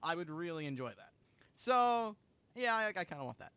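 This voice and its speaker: Man, podcast co-host, excitable, joking, slightly high, bright. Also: moderate pace, clear, resonant tone, dry recording. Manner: excitable, joking, with frequent restarts. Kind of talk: casual podcast chat.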